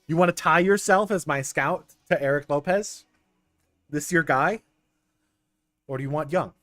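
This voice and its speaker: Excitable man streaming a baseball game. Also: a little high, measured pace, no echo. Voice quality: excitable, stumbling restarts, laughs often. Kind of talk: casual gameplay commentary talking to chat. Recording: dry close mic with faint game music.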